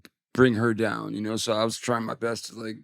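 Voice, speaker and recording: A man's voice: on the low side, completely flat delivery, a little fast, creaky, no echo, clean studio sound. A man in his forties, a musician guest on an interview podcast, telling a personal story candidly and emotionally, with some swearing.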